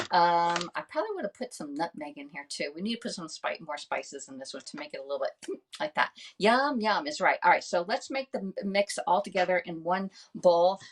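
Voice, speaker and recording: A woman with a slightly low voice runs a casual live cooking stream in her home kitchen, talking into a phone camera. She chats along and thanks viewers by name, and she keeps checking in with "all right?" at the ends of her lines.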